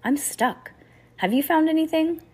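A woman's voice: high-pitched, a little slow, darkish tone, pitched above the performer's own voice. A woman reading aloud, voicing an earnest, worried teenage girl with a lightly raised voice.

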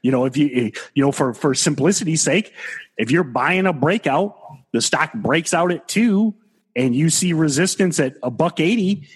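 A man's voice: a little high, animated, normal speed, husky. A man hosting a podcast, chatting casually about trading with plenty of fillers and restarts. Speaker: podcast host, trader. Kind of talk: casual chat.

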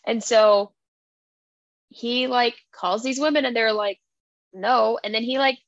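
This young book-podcast co-host talks slowly in a slightly high voice, casually recapping a story and acting out characters' lines with playful quoted voices. The audio is dull with no echo.

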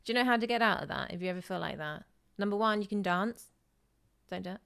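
A woman's voice: medium pitch, fast, gravelly, a bit bright, clear, resonant tone. A woman chatting as a podcast guest, playful and teasing. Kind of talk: casual chat.

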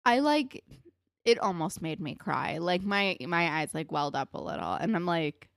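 A woman co-hosting a casual chat, recapping a TV episode in a chatty, filler-heavy way with animated retellings. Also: a little high, moderate pace, creaky, no room sound, clean studio sound. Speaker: podcast co-host recapping a TV episode.

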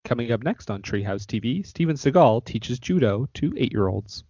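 A man's voice: mid-range voice, expressive, moderate pace, warm tone, breathy edge, dull audio. A man announcing in the manner of a children's TV host, with a sing-song presenter tone.

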